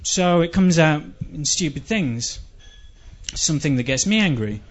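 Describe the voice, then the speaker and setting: English guy doing a rambling deadpan comedy bit, highish voice, kinda muffled lo-fi sound. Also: a little slow. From England. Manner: dry, rambling, self-deprecating delivery with sudden shouted outbursts. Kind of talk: comic monologue. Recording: dull lo-fi recording.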